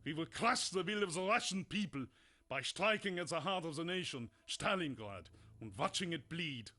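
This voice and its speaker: A man's voice: fairly high pitch, lively intonation, normal speed, sharp tone. An actor playing a stern German commander who rallies his soldiers in a video game briefing, speaking in a commanding, declamatory way with a German accent. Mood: stern, rousing. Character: stern male German commander rallying troops.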